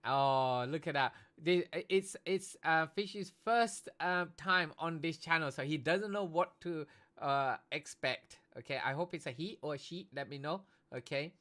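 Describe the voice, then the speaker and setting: A man from Britain hosts a relaxed live stream, talking straight to his viewers. He keeps tagging "okay?" onto nearly every phrase. His voice sits a little above the usual male range. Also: fairly high pitch, a little slow. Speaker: livestream host and esports commentator. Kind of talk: casual live-stream chat.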